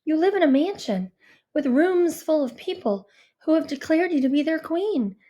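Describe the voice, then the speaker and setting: A woman's voice: sits high, moderate pace, dark tone. A woman reading a first-person novel aloud with an earnest, introspective, anxious delivery. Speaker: audiobook narrator. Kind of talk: first-person audiobook narration.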